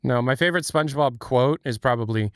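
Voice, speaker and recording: A man's voice: medium pitch, fast talker, dry recording, clean studio sound. A man hosting a casual live stream, rambling and chatting with lots of fillers. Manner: rambling, laughing, filler-heavy. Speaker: streamer host.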